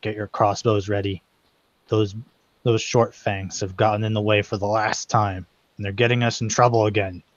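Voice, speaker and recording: A man voicing a calm, stern male kobold chieftain who gives cold orders, on slightly muffled call audio. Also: on the low side, normal speed, no room sound, natural voice. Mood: commanding. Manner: cold, commanding, threatening.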